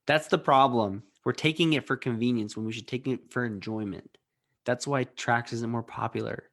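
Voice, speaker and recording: A man's voice: mid-range voice, normal speed, fairly bright tone. A man with an ordinary mid-range voice trades jokes on a podcast. His talk is casual and playful. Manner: joking, playful banter. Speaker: podcast co-host. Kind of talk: casual chat.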